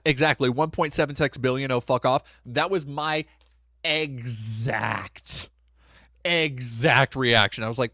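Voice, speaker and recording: A man's voice: medium pitch, unhurried, no room sound, studio quality. A man hosting a live stream, ranting casually with lots of swearing. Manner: profane, animated, ranting. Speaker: streamer host.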